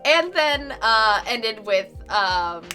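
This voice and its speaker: A woman's voice: fairly high pitch, very animated, extremely slow, bright, forceful tone. A woman artist chatting casually with her viewers on a live stream, effusive and giggly, laughing often. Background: faint background music.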